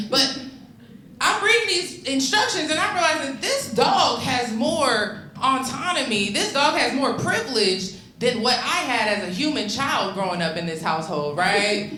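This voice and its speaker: A young woman works a comedy club stage in a loose, swearing, chatty stand-up voice full of ums and restarts. Her tone is bright and forward, and the club room rings around the handheld mic. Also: fairly high pitch, very animated, normal speed, reverberant, a little hiss or hum, rough recording. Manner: loose, profane and conversational, lots of ums and restarts.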